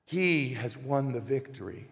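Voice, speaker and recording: A man's voice: medium pitch, animated, unhurried, creaky, fairly bright tone. A man preaching a sermon as minister, speaking earnestly and addressing the congregation directly, recorded in a church sanctuary. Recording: reverberant church live stream.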